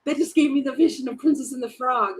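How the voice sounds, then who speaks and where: A woman's voice: high voice, fast talker, a little hiss or hum, low-quality recording. A woman giving a casual tarot reading, chatty and giggly, often acting out little quoted lines. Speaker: tarot reader.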